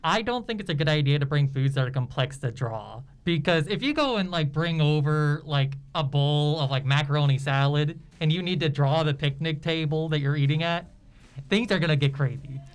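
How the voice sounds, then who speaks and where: A man's voice: on the high side, moderate pace, clear, resonant tone. A man in a casual group chat, making jokey arguments.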